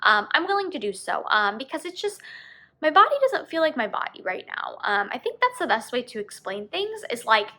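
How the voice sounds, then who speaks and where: Young female vlogger and coach, bright, clear voice; candid, rambling delivery. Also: sits high, very animated, fairly quick. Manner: rambling, many ums and you-knows, tearful in places. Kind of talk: candid personal vlog.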